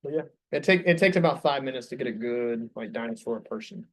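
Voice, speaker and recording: A man's voice: medium pitch, animated, a little fast. A young man leading a sales staff meeting, coaching the group with upbeat questions.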